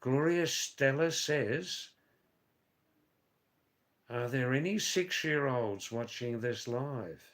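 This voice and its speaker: Man, live stream host, slow unhurried talk, mid-pitched voice, dry teasing, rambling replies to chat. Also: a bit bright. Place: Nepal or India.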